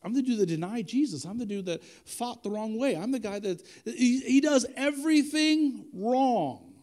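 A man's voice: very high voice, lively intonation, moderate pace, darkish tone. A man acting out a guilt-ridden grown man who pleads and doubts his own worth. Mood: self-reproaching. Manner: pleading, self-reproaching.

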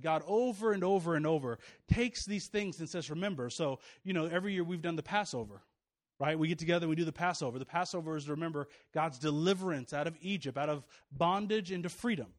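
A male pastor in his thirties giving a casual, joking sermon to his congregation, with many fillers and restarts. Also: fairly high pitch.

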